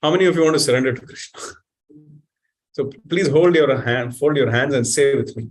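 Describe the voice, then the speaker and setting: A man giving an animated sermon, questioning the audience and reciting Sanskrit verses. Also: mid-range voice, brisk. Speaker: spiritual teacher.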